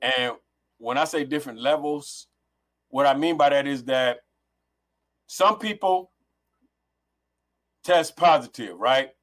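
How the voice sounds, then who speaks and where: A man's voice: mid-range voice, slow pace, pauses often, fairly bright tone. A middle-aged man from Los Angeles, a podcast guest telling a story over a headset, rambling with many restarts and swearing. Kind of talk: casual storytelling on a remote call.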